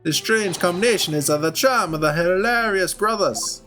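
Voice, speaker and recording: A man voicing an excitable young Italian nobleman sidekick with a put-on Italian accent. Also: sits high, moderate pace, soft background music, voice pushed up. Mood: flamboyant. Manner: flamboyant, exuberant.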